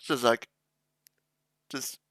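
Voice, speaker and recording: A man's voice: very slow, a bit bright, dry recording. A man hosting a reaction video, chatting casually with jokes and rambling asides. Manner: rambling, joking, trails into mock-emotional mumbling.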